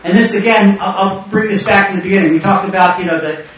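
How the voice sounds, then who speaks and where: Animated, high-voiced man lecturing in an echoey hall. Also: fast, recorded from a distance, a little hiss or hum. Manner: animated, bursts into shouting, storytelling. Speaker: rabbi teaching a Torah class. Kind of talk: animated Torah lecture with stories. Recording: muffled echoey hall from afar.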